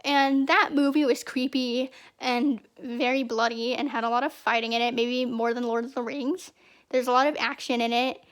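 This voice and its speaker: A woman's voice: on the high side, fairly even intonation, normal speed. A young woman giving casual, rambling fan commentary as a channel host, chatty and prone to repeating herself.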